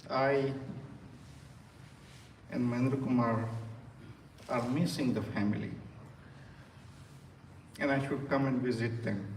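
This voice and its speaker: An older man from India gives an earnest, halting funeral eulogy, his voice close to breaking. He is picked up from a distance, with a long reverb and a faint hiss underneath. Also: mid-range voice. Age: 60s. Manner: earnest, halting, pausing often. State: emotional. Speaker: brother giving a eulogy. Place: funeral hall. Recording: echoey hall from far off, faint noise.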